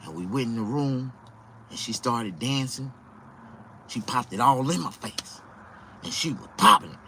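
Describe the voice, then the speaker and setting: A young man doing stand-up, telling a rambling, profane story in an animated way. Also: mid-range voice, unhurried, slight background noise. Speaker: comedian.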